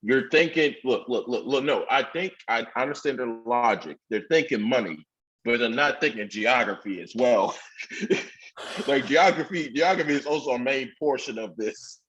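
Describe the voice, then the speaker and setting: A man's voice: mid-range voice, expressive, normal speed, fairly bright tone. A man co-hosting a sports podcast in casual chat, easygoing, stammering and laughing often. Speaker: podcast co-host. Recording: dull lo-fi mic.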